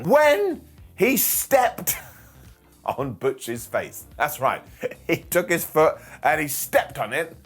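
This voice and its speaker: A man in his thirties recapping a wrestling show in a sarcastic, jokey monologue full of quick mock impressions. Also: fairly high pitch, breathy edge.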